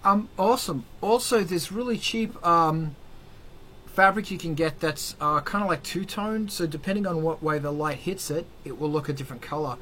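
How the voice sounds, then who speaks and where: An energetic, jokey man hosts a casual panel chat and keeps it moving. His voice sits a little higher than most men's. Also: normal speed, slight background noise. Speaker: host.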